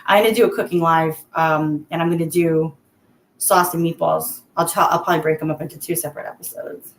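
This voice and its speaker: Middle-aged woman, chatty live-stream host at home; lowish voice, echoey room sound. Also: fairly even intonation, brisk. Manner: chatty, talks to viewers by name, laughs often. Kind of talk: casual live-stream chat.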